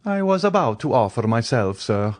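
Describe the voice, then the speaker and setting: A man's voice: mid-range voice, sing-song, normal speed, darkish tone, dry recording, natural voice. A man voicing a solemn older Italian priest with an Italian accent, grave and courteous.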